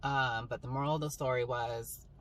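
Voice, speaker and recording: A young woman telling a story to camera in a casual, rambling vlog style, full of "like" and "um". She tells it in an animated, dramatic way. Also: extremely low pitch, moderate pace. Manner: rambling, filler-heavy, with 'like' and 'um'. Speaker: vlogger. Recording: slightly distant mic, faint background hum.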